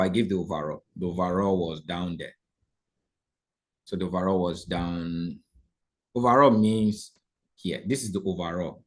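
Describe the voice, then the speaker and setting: Animated man teaching a live trading lesson. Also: deep voice. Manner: animated, repeatedly checks in with the audience.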